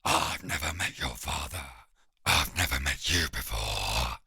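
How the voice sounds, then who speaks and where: A man voicing a giant male hellhound in an audiobook, deep and whining in baffled fear. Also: expressive, unhurried, vocal fry, bright, forceful tone, husky, no echo, studio quality, full character voice. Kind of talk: audiobook character voice.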